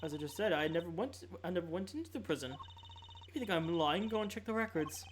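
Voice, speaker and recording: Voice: mid-range voice, expressive, fast, slight background noise, lightly acted. A streamer putting on a syrupy, patronizing female warden. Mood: sugary, dismissive. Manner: sugary, patronizing, calls others darling and sweetie. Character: flirty, condescending female prison warden. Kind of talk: reading a video game's dialogue aloud on stream.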